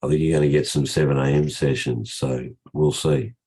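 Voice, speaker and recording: Older aussie guy with a cold, super deep croaky husky voice, rambly trading chat on a video call. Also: level tone, normal speed, mellow. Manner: rambling, restarts often, chatty. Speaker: trading session host. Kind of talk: casual live trading session talk.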